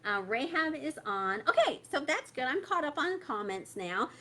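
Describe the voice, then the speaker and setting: Woman host, casual livestream chat, close phone mic, bright and slightly high, filler-heavy. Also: very animated, moderate pace. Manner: chatty, many fillers, reads viewer comments aloud. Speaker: host of a parent membership group. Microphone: phone held close.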